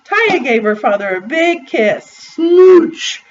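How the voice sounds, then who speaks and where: A woman reading a children's picture book aloud in an expressive, deliberate way. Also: fairly high pitch. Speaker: storybook reader. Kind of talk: read-aloud storytelling. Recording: distant muffled recording with faint hiss.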